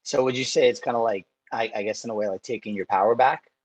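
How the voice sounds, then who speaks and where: A male fitness coach hosts a summit conversation at an ordinary mid pitch. He speaks reflectively and pauses to search for the right words. His tone is plain and even. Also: poor audio.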